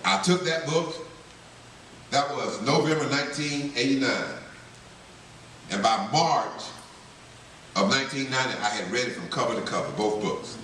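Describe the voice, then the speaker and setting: A man's voice: medium pitch, normal speed, long pauses, fairly bright tone. A man from North Carolina giving an earnest, story-driven testimony at a banquet, acting out the voices of people in his story. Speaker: banquet speaker. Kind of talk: testimony speech. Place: banquet hall. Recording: echoey hall, speaker far from mic, faint hiss.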